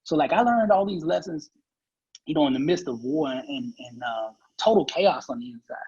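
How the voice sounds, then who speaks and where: A man's voice: fairly high pitch, animated, moderate pace, darkish tone, slightly rough, lo-fi sound. A man guest on a podcast interview, telling a personal story in an earnest, emphatic way. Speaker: guest speaker.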